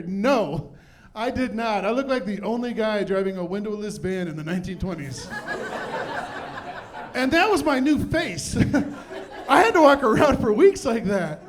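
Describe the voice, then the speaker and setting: A man's voice: sits high, lively intonation, normal speed. A middle-aged man doing a self-deprecating stand-up comedy set on a club stage with a handheld mic. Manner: self-deprecating, punchy delivery.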